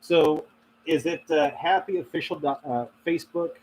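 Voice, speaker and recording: A man's voice: fairly high pitch, moderate pace, a little mellow, a little hiss or hum, poor audio. A man hosting a casual live stream, reading and answering chat, rambling with many fillers and frequent laughs. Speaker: paranormal channel host reading live chat.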